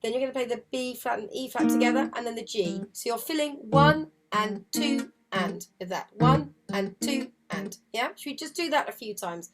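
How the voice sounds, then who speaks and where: Teaching harp over a video call, a woman speaks fairly quickly in a slightly high voice, barely pausing. She's encouraging and talkative, sings the counts and rhythms as she goes, and loud harp music runs under everything.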